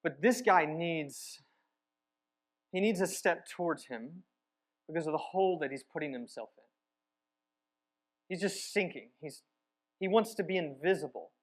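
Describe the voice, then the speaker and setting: A man with a slightly high voice preaching a sermon. He retells the story vividly, pressing some words hard and dropping others to a near-hush. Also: a little slow, long pauses. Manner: storytelling, swinging between emphatic and hushed. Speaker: church teacher.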